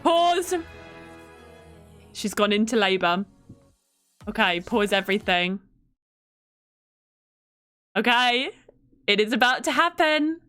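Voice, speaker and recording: A woman's voice: mid-range voice, unhurried, long pauses, pushed and bright, clean tone. A young woman streaming a game, chatting casually, reacting to the game and thanking viewers by name. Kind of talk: casual live-stream chat while playing. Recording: faint music behind.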